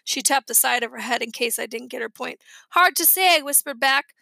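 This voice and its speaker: Bright-voiced woman reading a storybook. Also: on the high side, brisk, vocal fry, no room sound. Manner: lively, expressive storytelling. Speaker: audiobook reader. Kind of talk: storybook narration.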